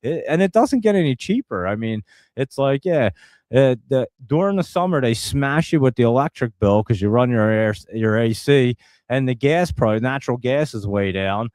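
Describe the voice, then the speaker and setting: A man's voice: medium pitch, expressive, moderate pace, a little mellow, no room sound, clean studio sound. A man from New Jersey hosting a live stock market stream, talking casually and rambling in an exasperated way to his viewers. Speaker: stock market show host.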